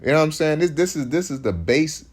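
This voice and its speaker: A man's voice: fairly high pitch, expressive, fast talker. A man, preaching in loose street talk that rambles, restarts often and hits points with emphasis.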